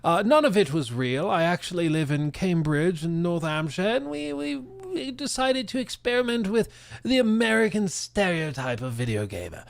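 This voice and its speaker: A man putting on a posh British gentleman smugly confessing an elaborate hoax. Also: high voice, big pitch swings, normal speed, creaky, dry recording, pitched above the performer's own voice, exaggerated voice. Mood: smug confessional. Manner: plummy, smug confessional tone.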